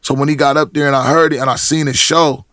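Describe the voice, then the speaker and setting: A man's voice: on the high side, little pitch movement, fast, fairly bright tone, dry recording. A middle-aged man from Portland, a rapper talking as a podcast guest in casual chat, telling stories with many restarts and acted-out quotes. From Portland, Oregon.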